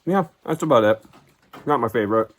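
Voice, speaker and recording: A man's voice: on the low side, fairly even intonation, measured pace. A man chatting casually to the camera on a long hike, tired and wry, outdoors on a forest trail. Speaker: hiking vlogger.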